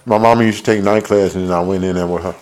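A man's voice: low voice, fairly even intonation, fast talker, a little mellow. A Southern man around forty from Mississippi, teasing and playful in casual sports banter, often talking over others. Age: 40s.

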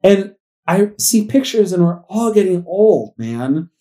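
A podcast co-host in his forties chats casually in a reflective, wistful way, drifting and restarting as he thinks aloud. His high-pitched voice has a dark tone and big pitch swings, and he takes his time.

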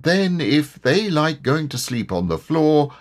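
Pooh, a man doing a gentle bear. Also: on the high side, big pitch swings, unhurried, pitched above the performer's own voice. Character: gentle simple-minded male teddy bear.

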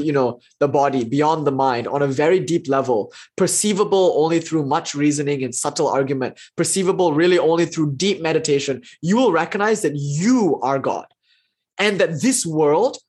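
Husky male lecturer, fast and lively, teaching a live online class. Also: on the high side. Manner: fast, animated explaining with playful asides. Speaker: philosophy teacher.

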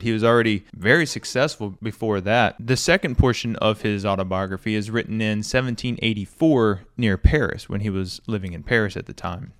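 A man with a lowish voice hosts a podcast and reviews a classic book in a relaxed, conversational way. He drops in loose everyday fillers like "you know" and "stuff like that." The studio sound is clean, with no echo.

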